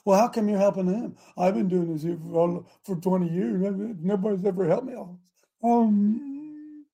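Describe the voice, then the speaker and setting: Gravelly man preaching in bursts. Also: high voice, moderate pace. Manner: exhorting, swings from shouts to quiet asides. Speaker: host. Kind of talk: fiery preaching talk show.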